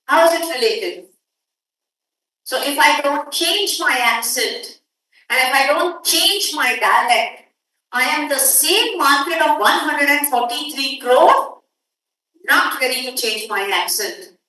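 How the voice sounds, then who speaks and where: A woman's voice: high-pitched, animated, takes it slowly, pushed and bright. A woman with an Indian English accent giving an academic workshop lecture, emphatic and putting questions straight to the audience. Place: conference hall. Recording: echoey hall, distant mic.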